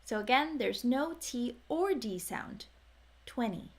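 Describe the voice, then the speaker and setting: A woman with an American accent teaching English pronunciation, saying numbers slowly and carefully for learners to repeat. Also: on the high side, expressive. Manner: slow, careful, over-articulated modelling of words. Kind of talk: scripted pronunciation lesson.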